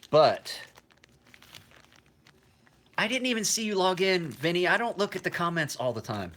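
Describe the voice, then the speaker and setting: A man in his forties talks casually on a livestream, rambling and cursing freely. His voice is bright and forward, with a lively pitch that jumps up and down. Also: normal speed, long pauses. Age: 40s. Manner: rambling and profane, with frequent restarts. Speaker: knife maker.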